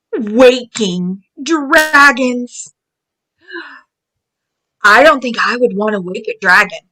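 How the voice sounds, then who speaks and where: A woman reading a picture book aloud to children, excited and exclaiming, with gasps and cries of surprise. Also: high-pitched, rough recording.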